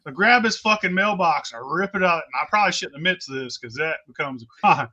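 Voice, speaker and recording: High, bright-voiced man telling blunt stories. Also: lively intonation, brisk. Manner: blunt, heavy cursing, rambling restarts. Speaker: storyteller on a talk stream. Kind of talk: casual profane storytelling. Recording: dull lo-fi recording.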